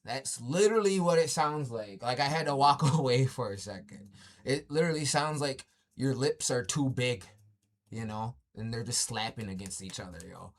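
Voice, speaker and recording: A man's voice: mid-range voice, lively intonation, normal speed. A man hosting a livestream in a taunting chat, mocking and swearing, often breaking into laughter. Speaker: livestream host.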